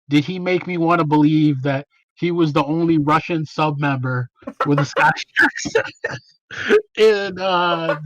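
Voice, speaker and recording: A man's voice: fairly high pitch, a bit bright, dry recording, poor audio. A man hosting a podcast in casual, slangy chat, swearing freely. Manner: laid-back, slangy, swears a lot. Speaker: podcast host.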